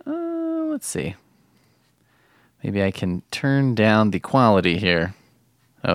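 Man, low voice, lively sarcastic reaction commentary, dry close sound. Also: a little slow, gravelly, pauses often, no echo. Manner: mocking, incredulous. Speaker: host reacting to online videos.

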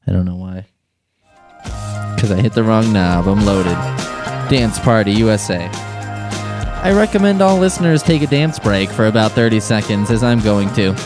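A man's voice: fairly low pitch, animated, normal speed, vocal fry, pauses often, music in the background. A man hosting a podcast, talking in a rambling, irreverent, jokey comic monologue into a studio microphone. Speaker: podcast host. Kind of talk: casual comedic monologue.

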